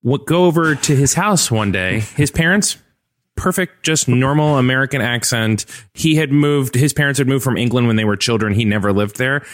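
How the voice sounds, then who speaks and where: A man's voice: medium pitch, normal speed. Chatty male co-host from Florida. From Central Florida. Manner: laughing, chatty anecdotes. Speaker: podcast co-host. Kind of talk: casual chat.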